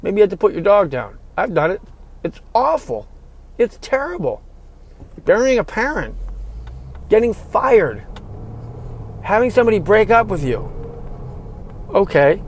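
A man's voice: high voice, sing-song, unhurried, long pauses, slight background noise. A man hosting a podcast, giving a blunt, fervent motivational talk full of swearing. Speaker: podcast host. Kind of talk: motivational monologue.

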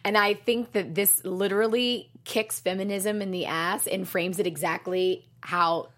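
An expressive woman talking through a TV episode with her co-host. She speaks with emphatic, punchy conviction and jumps into a high voice when she acts out quotes. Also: a little slow. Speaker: podcast co-host. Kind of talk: casual chat reviewing a TV show.

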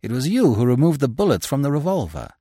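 A man voicing a weakened gentleman thief, hushed and stammering in shock. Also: mid-range voice, sing-song, fast talker, husky, no echo, studio quality, pitched above the performer's own voice. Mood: questioning.

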